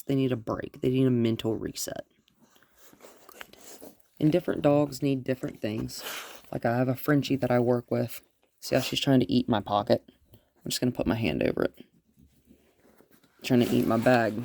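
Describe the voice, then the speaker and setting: Slow, gravelly woman dog trainer. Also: rumbling low, slight background noise. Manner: gentle, coaxing praise, often dropping to a whisper. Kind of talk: narrating a live training session.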